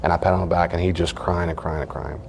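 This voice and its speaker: A middle-aged pastor with a very low voice teaches in a relaxed, conversational way. He tells earnest stories and briefly acts out what other people said. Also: quick pace, gravelly, slightly rough. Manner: earnest storytelling, acts out short quoted lines.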